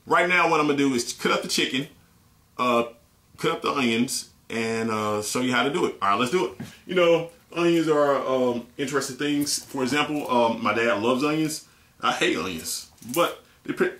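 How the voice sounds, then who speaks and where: A man's voice: medium pitch, a little fast. Joking man hosting a home cooking video. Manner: rambling, jokey, deadpan mock-tearful. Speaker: home cooking show host. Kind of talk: comedic home cooking demo. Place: home kitchen. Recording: echoey room, faint noise.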